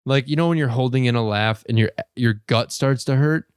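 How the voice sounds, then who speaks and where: A man co-hosting a casual podcast, telling a story with lots of laughter and high-pitched impressions of the people in it. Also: brisk, clean tone, no room sound, studio quality. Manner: animated storyteller, mimics people in high voices, laughs often. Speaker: podcast co-host.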